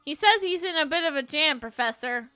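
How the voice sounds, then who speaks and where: An eager young boy apprentice, as a woman plays him with a high, bright, lively voice. He is excitable and curious, full of questions, like a puzzle-game sidekick. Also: brisk, faint music behind.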